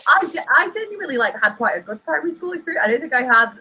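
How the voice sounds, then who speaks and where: An English man telling a school story in casual chat, halting and hesitant. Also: very high-pitched, big pitch swings, pushed and bright, highs cut off.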